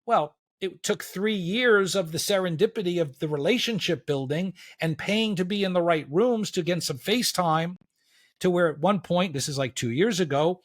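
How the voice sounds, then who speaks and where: A middle-aged man, a podcast guest, telling a story in a casual, animated way and acting out what people said. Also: high voice, moderate pace. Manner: animated storyteller, acts out quotes, says "da, da, da".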